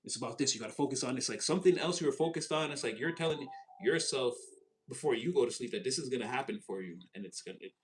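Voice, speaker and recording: A man giving a casual tarot reading, excitable and rambling, with many restarts and fillers. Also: mid-range voice, quick pace, a little hiss or hum, poor audio. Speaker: tarot reader.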